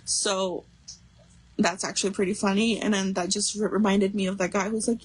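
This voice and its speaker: A woman's voice: medium pitch, steady tone, normal speed, long pauses, slight background noise, low-quality recording. A young adult woman hosting a craft livestream, chatting casually and rambling with lots of fillers while she works.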